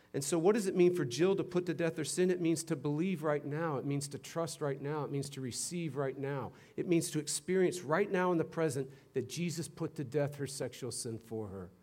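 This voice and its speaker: A male preacher gives a sermon full of contrast: booming, emphatic moments give way to hushed, low-voiced passages, sprinkled with teasing, instructive asides.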